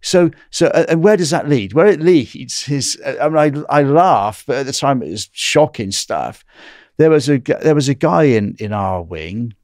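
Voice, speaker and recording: A man's voice: medium pitch, normal speed, no echo, clean studio sound. A middle-aged man in a casual interview, telling stories animatedly and tagging lines with "right?". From England. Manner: animated, recounts dialogue, frequent "right?" tag. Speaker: guest.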